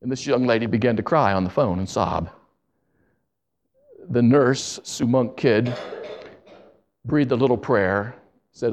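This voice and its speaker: A man preaching, telling a story earnestly and slowing down for emphasis. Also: medium pitch, darkish tone. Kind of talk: sermon storytelling.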